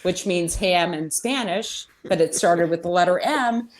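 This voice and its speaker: A woman's voice: fairly low pitch, a little slow, slight background noise. A woman who works in radio, a podcast guest telling self-deprecating stories in casual chat and laughing often.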